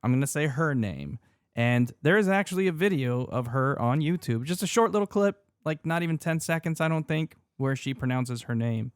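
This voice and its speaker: A man's voice: on the high side, animated, moderate pace, clear, resonant tone, no echo. A man co-hosting a casual podcast, talking at an easy conversational pace. He teases his co-host and laughs often. The sound is dry and close to the mic. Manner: easygoing, laughs often, teasing.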